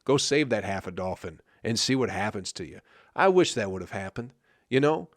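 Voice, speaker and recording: This Flint, Michigan man has a lowish, expressive voice at a normal speed, captured in a dry studio-quality recording. Hosting his comedy podcast, he delivers a profane, ranting monologue, swearing constantly and repeatedly asking "you know what I mean, people?"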